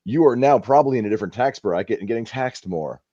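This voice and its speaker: A man's voice: medium pitch, animated, quick pace, mellow, dry recording. A man on an online panel call, bluntly explaining tax tricks in casual chat. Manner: blunt, confident about tax tips. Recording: dull lo-fi call audio.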